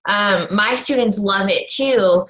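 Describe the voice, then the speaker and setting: A woman's voice: mid-range voice, takes it slowly, fairly bright tone. Woman podcast host, affirming, room echo on the voice. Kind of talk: podcast interview. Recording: roomy echo.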